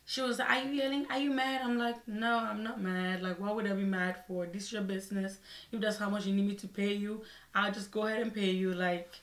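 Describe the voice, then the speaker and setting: A young woman vlogger telling a personal story in a casual, expressive way, acting out her own side of the conversations. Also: mid-range voice, fairly quick. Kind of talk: storytime vlog. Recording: echoey room.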